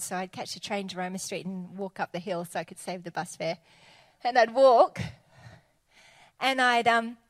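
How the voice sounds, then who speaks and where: A woman preaching a sermon in an animated, conversational, enthusiastic way. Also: mid-range voice, no room sound.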